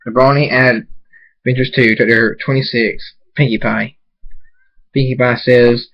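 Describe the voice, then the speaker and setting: A man reads a fan story aloud in a halting way, often stumbling and starting words over. His voice sits at a middle pitch. The recording is dull and lo-fi. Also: flat delivery. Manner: halting, frequent stumbles and restarts. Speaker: reader of fan fiction. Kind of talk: amateur story reading.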